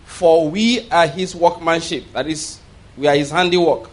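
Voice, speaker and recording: Man preaching a sermon, slightly high voice. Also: steady tone. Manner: reads scripture slowly and emphatically, asks congregation to repeat words. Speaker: pastor. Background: congregation responding.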